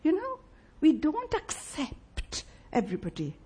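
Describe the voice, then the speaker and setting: A woman preaching a sermon in church, emphatic and lively, asking the congregation rhetorical questions. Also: high-pitched, a little slow.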